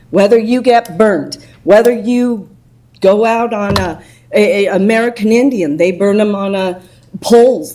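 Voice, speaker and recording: A woman's voice: a little high, darkish tone, low-quality recording. A woman speaking emotionally and indignantly during public comment at a city council meeting.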